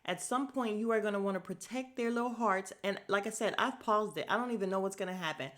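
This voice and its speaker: A woman's voice: medium pitch, fast talker, a bit bright. A woman recapping a reality show on her podcast, blunt and opinionated, with sarcastic asides and exasperated commentary. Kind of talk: casual chat.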